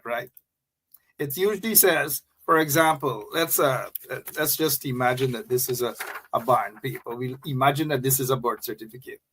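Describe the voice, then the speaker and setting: A man's voice: fairly high pitch, fairly bright tone. A man hosting political commentary, mocking and emphatic, repeating points for effect. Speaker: host.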